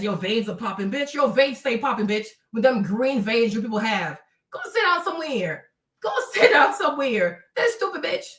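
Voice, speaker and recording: A woman's voice: high-pitched, sharp tone, echoey room, recorded from a distance. A woman hosting a livestream, profane and confrontational, mocking the commenters she addresses. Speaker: livestream host. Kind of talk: heated livestream rant at commenters.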